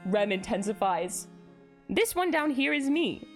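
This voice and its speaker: A woman's voice: fairly high pitch, very animated, normal speed, faint music behind. A young woman streaming live, chatting casually, giggling and greeting her viewers as she reads chat.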